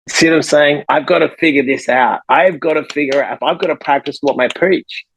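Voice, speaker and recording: A man who is a life coach and author, telling a story in a podcast conversation with lively energy and acting out the people in it. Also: medium pitch, brisk, few pauses, husky, dry recording, rough recording. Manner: energetic, acts out the people in his stories.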